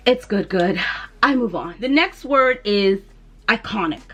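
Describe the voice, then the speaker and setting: A woman's voice: mid-range voice, expressive, measured pace, a bit bright. A woman talking casually to camera as a fragrance vlogger, chatty and dramatic, with playful asides.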